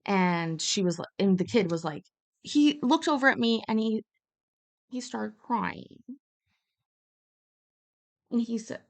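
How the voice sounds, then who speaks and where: A woman's voice: medium pitch, unhurried, long pauses. A woman live streaming from a hotel room, telling stories in a blunt, profane, casual chat.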